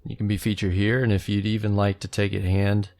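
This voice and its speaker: A man's voice: lowish voice, level tone, fairly quick, vocal fry, darkish tone. A man co-hosting a gaming podcast, chatting casually with dry jokes. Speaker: podcast co-host. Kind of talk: casual chat.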